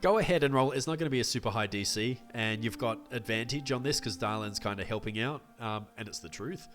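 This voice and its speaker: A man narrating as game master in a tabletop game, relaxed and descriptive. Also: on the low side, a little fast, music in the background.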